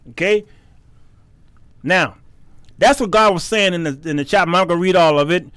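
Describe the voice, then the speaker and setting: High-voiced colloquial preaching man. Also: moderate pace, fairly bright tone, clear, resonant tone, no room sound. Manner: emphatic, colloquial, repeats words. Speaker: talk show host teaching the Bible. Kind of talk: Bible teaching sermon.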